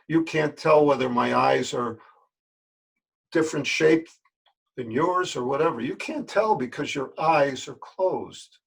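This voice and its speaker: An older man with a gravelly, husky voice that sits fairly high for a man. He speaks to his listeners as a yoga teacher in a plain, folksy way. He is earnest and repeats words for emphasis. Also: a little slow. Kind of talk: spoken address to camera.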